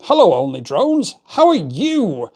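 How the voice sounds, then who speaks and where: A man's voice: high voice, wildly swooping pitch, a little slow, mellow, slightly rough. Chatty man hosting a livestream. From England. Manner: chatty, rambling, reads out chat messages. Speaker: livestream host. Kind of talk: casual livestream chat reading viewer comments. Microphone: desk microphone.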